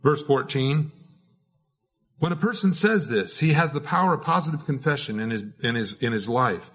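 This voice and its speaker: A man's voice: medium pitch, lively intonation, moderate pace, slightly rough. A man preaching a conversational sermon as a pastor, informal and prone to repeating words.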